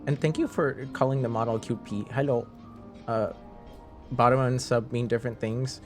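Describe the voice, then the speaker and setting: A man's voice: mid-range voice, fairly even intonation, normal speed, faint music behind. A man chatting casually with viewers on a live stream, rambling, laughing and restarting his sentences.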